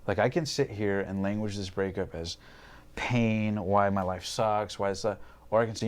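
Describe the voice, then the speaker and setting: A man's voice: low-pitched, moderate pace, a little hiss or hum. A man in his twenties, a podcast guest, telling his personal story candidly, swearing freely and acting out his past thoughts. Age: 20s.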